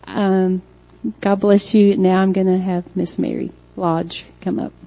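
A middle-aged woman preaches in a mellow, dark-toned voice. She speaks earnestly and encouragingly, reading scripture aloud to the congregation. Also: fairly low pitch, level tone, measured pace, creaky, slight background noise, poor audio. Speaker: church speaker. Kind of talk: closing sermon exhortation.

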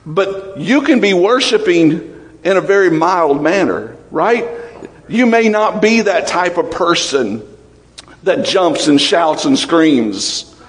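A man preaching a sermon as pastor, emotional and animated, swinging between raised fervor and low, quiet intensity. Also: slow pace, in a large hall.

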